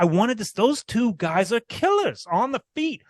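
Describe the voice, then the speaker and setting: A man rants into a podcast mic, profane and heated, jumping into loud outbursts. The sound is dry and close, with no room around it. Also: extremely high pitch, sing-song, moderate pace, dry recording. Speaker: podcast co-host. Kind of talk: ranting casual chat.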